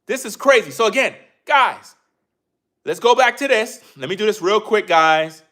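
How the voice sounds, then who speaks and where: A man's voice: high-pitched, expressive, moderate pace, sharp tone. A man giving an emphatic commentary rant as a YouTube commentator, repeating himself and addressing viewers directly.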